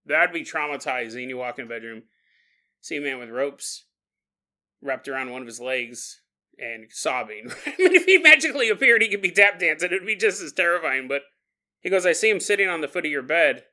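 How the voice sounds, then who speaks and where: A man hosting a podcast, telling a creepy story in a casual, animated way, laughing often and jumping into quick kid voices. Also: a little high. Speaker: podcast host.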